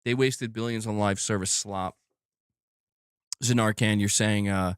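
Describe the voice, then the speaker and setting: A man's voice: on the low side, steady tone, measured pace, pauses often, smooth, no echo, studio quality. A man hosting a gaming news stream, ranting angrily with lots of swearing and repeated outbursts. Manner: angry, profane, repetitive outbursts. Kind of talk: live stream rant.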